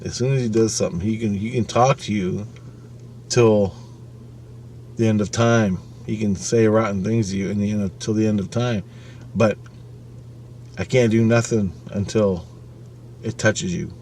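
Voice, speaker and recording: A man voicing a calm male divine protector who gives steady, instructive advice. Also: fairly low pitch, moderate pace, pauses often, a little hiss or hum, lightly acted.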